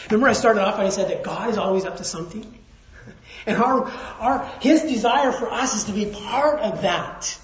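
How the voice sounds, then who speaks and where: Male pastor with a high voice, conversational sermon, slightly muffled recording. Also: normal speed. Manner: storytelling, conversational, swings from hushed to raised. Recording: roomy, slightly dull sound.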